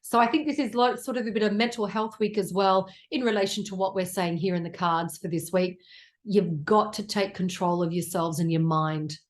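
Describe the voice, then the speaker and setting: A woman's voice: mid-range voice, moderate pace. An Australian woman in her forties giving a casual tarot reading, blunt and chatty, with plenty of swearing. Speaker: tarot reader.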